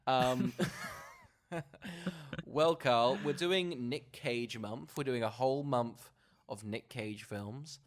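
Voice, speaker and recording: A man's voice: medium pitch, slow, pauses often. Male podcast co-host with a mid-range voice and loose, rambling chat. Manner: rambling, laughs, trails off. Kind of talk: casual film podcast chat.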